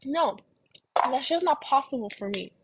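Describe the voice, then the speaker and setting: A young woman vlogger telling a story in a rambling, self-deprecating way, swearing casually, with a husky voice. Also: sits high, expressive, moderate pace, very noisy.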